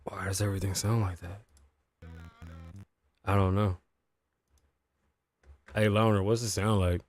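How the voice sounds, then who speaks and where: A man's voice: fairly low pitch, flat delivery, unhurried, darkish tone. A man hosting his own livestream podcast, talking loosely to chat and to himself, swearing often, his voice worn and shot. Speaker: podcast host. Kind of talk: casual livestream talk.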